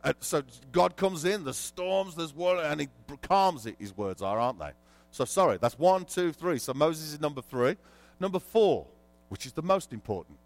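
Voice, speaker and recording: A man preaching a sermon as pastor, telling an animated story and quizzing the congregation. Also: on the high side, moderate pace, no echo.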